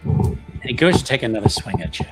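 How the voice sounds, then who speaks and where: A man narrating a vampire tabletop game as game master, relaxed and hesitant. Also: on the low side, quick pace, over loud music.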